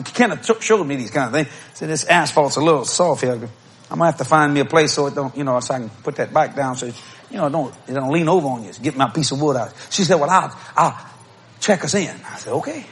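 A middle-aged man preaching a humorous storytelling sermon, acting out quotes and bursting into shouts and laughter. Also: on the high side.

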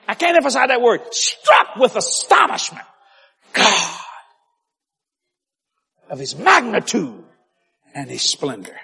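Man, preacher, sermon, high voice, husky, animated, stretched emphasis. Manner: animated, shouting, laughing, drawn-out emphasis.

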